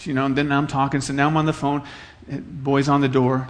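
A man's voice: mid-range voice, level tone, a little fast. A middle-aged man from Iowa preaching a sermon in an earnest, conversational way, telling stories and repeating phrases for effect. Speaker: pastor.

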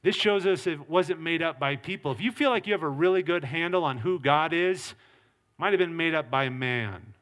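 Earnest preaching man, slightly high voice. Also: normal speed, fairly bright tone. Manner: earnest preaching with acted quotes and varied emphasis. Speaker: pastor. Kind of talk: sermon.

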